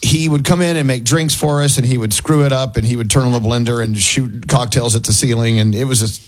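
Husky-voiced jokey radio host man. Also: mid-range voice, fairly even intonation, a little fast, a little mellow, low-quality recording. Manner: chatty, jokey, laughs easily. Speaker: radio morning show host. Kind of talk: casual radio chat. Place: radio studio.

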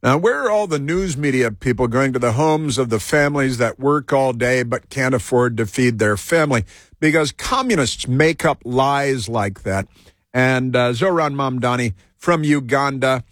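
Dry, halting male talk show host. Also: medium pitch, fairly bright tone, no echo. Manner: halting, full of fillers and restarts. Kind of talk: rambling political talk monologue.

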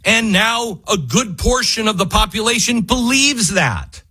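Man, radio host, husky voice, swinging pitch, fiery, exasperated, studio mic. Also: animated, a little slow, few pauses. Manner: rising to near-yelling, fiery and exasperated. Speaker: radio talk show host. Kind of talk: impassioned political monologue. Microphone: studio microphone.

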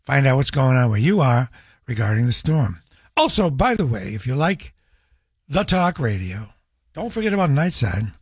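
A man's voice: mid-range voice, sing-song, moderate pace, husky, no echo, studio quality. A man hosting a live radio talk show, easygoing and friendly as he steers callers along. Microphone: studio microphone.

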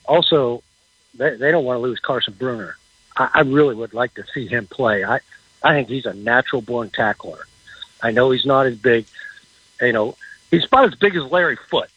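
A man giving casual football insight as a radio guest, halting and repeating words as he talks. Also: mid-range voice, fairly bright tone, husky, no echo, highs cut off. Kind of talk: casual sports talk on radio.

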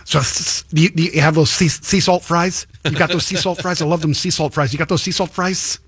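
A man voicing an eager, stuttering customer at a fast-food counter, repeating his order over and over. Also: a little high, fairly even intonation, a bit bright, slightly rough, voice pushed up. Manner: repetitive, pleading.

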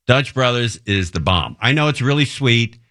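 A man's voice: mid-range voice, lively intonation, normal speed, pushed and bright. A middle-aged man hosting a radio show, joking and laughing at himself. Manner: self-mocking, jokey, laughs often. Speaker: radio host. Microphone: studio mic.

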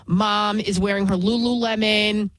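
A talkative woman, speaking at a middle pitch in a casual monologue as a news host off the clock. She restarts her sentences and doubles words as she goes, and the recording is close and dry with no room sound. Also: fairly even intonation, unhurried, dry recording.

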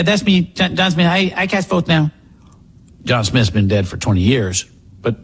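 A man's voice: mid-range voice, slightly rough. A man hosting a talk radio show, delivering a sarcastic, mocking political monologue. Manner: sarcastic, mocking, puts on voices.

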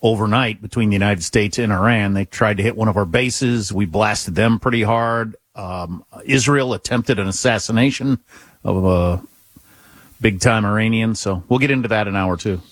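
Husky-voiced radio guy, easygoing banter, dry studio sound. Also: fairly low pitch, normal speed, dry recording. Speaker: radio talk show co-host. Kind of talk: casual radio chat. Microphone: studio microphone.

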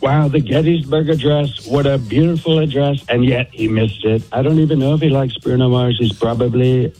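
Man doing a boastful older politician, rambling, bragging, repeats himself, mid-pitched. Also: moderate pace, dark tone, soft background music, natural voice, poor audio. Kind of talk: impression.

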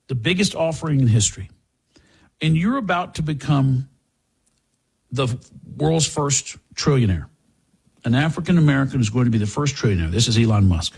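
Very husky gravelly older man. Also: fairly high pitch, very animated, normal speed, long pauses, darkish tone. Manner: rambling, with restarts and asides to a co-host. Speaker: talk show host. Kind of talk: casual commentary monologue.

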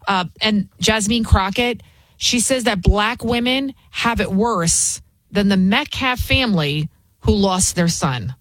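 A woman's voice: medium pitch, slow, dry recording. A woman, hosting an opinionated commentary show in an indignant, repetitive rant.

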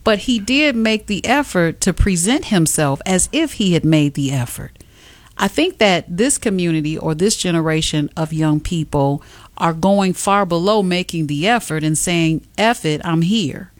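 Lady hosting a radio call-in show, measured and emphatic, dry sound. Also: on the low side, animated, no room sound. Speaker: radio talk show host.

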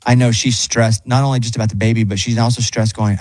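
A man's voice: mid-range voice, steady tone, fast, a little mellow, no room sound. A man hosting a radio show, telling a rambling, self-deprecating story in casual on-air chat.

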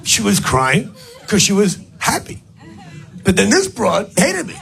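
A man doing stand-up comedy in a club, shouting punchlines loudly and working the crowd. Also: high voice, wildly swooping pitch, a little slow, gravelly. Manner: loud, shouting, crowd work. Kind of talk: stand-up set. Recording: live club recording with crowd and music. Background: audience laughter.

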